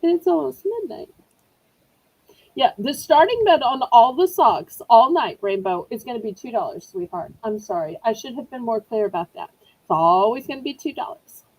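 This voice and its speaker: A woman's voice: on the high side, sing-song, normal speed, darkish tone, slightly rough, rough recording. A middle-aged woman hosting a live online auction, chatting in a rambling, apologetic way. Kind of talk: live-stream selling chat.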